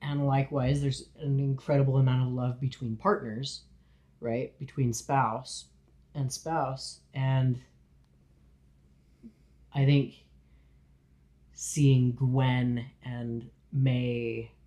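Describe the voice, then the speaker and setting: A man co-hosting a podcast, speaking in a thoughtful, measured way in casual chat. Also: medium pitch, flat delivery, mellow. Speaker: podcast co-host.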